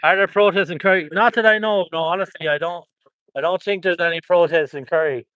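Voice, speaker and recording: A man's voice: high-pitched, steady tone, fast, fairly bright tone, no room sound, highs cut off. An Irish man chatting on a live stream, reading out viewer comments and thanking viewers by place in an upbeat way, outdoors at a protest on a phone held close. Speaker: livestreamer.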